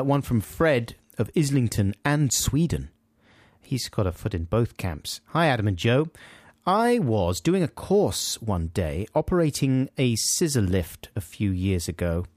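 A man's voice: mid-range voice, darkish tone, dry recording, clean studio sound. A man, co-hosting a radio show in playful, casual banter. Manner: playful, laughs easily. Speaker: radio host. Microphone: studio mic.

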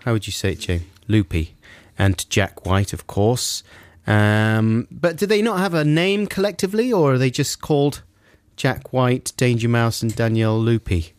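A man's voice: mid-range voice, moderate pace, no echo. A man co-hosting a radio show in casual, playful, teasing banter. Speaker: radio co-host. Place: radio studio.

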